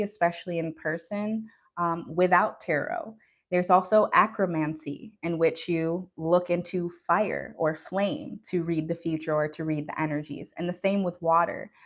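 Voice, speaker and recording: A woman with a voice on the low side hosts a live tarot stream, talking casually and earnestly about spiritual practices as she answers chat. She drops frequent ums and you-knows.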